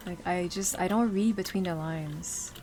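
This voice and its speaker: A woman's voice: on the low side, measured pace, darkish tone. Chatty rambling woman streamer. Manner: chatty, rambling, laughs often. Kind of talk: casual chat while gaming.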